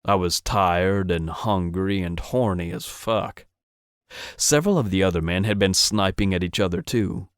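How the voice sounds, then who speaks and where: Low-voiced male audiobook narrator. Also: unhurried, clean tone, dry recording, clean studio sound. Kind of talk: first-person romance audiobook narration.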